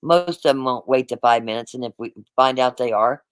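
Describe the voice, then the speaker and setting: A man's voice: medium pitch, fairly quick, smooth, dry recording, rough recording. A man hosting a livestream, talking straight to his chat in a rambling, repetitive, casual way. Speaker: livestream host.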